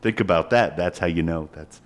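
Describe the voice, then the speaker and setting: A man's voice: low-pitched, normal speed. A young man co-hosting a podcast, rambling crudely and swearing as he jokes. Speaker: podcast co-host. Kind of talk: casual podcast chat.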